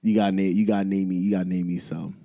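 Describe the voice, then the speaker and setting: A man co-hosting a podcast in casual studio chat, laid-back and quick to laugh, prodding with questions. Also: low voice, little pitch movement, creaky, warm tone. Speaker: podcast co-host.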